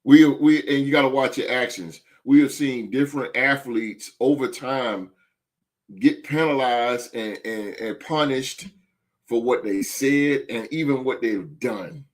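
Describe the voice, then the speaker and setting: A man's voice: mid-range voice, measured pace. A man hosting a sports podcast, talking emphatically with lots of stammered restarts. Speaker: podcast host. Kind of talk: casual sports talk.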